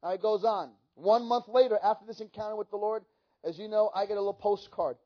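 High-voiced preaching man, lo-fi sound. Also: quick pace, slight background noise. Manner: animated storytelling with swings from hushed to loud. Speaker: pastor. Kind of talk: sermon testimony. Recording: dull lo-fi sermon recording.

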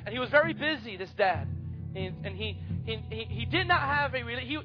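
A man's voice: very high-pitched, animated, brisk, muffled recording, music in the background. A pastor preaching passionately, telling a story and urging his congregation to follow along. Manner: impassioned, calls out to the congregation. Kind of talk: emotional sermon storytelling.

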